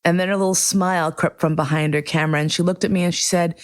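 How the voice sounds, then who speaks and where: Host, woman, middle-aged, low register, candid and profane storyteller. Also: fairly even intonation, fast. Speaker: podcast host. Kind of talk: casual storytelling monologue.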